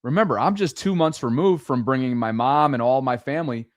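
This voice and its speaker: A man hosting a podcast, framing the story and asking steady follow-up questions. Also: mid-range voice, a little fast, no room sound, studio quality. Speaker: podcast host. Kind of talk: conversational podcast interview.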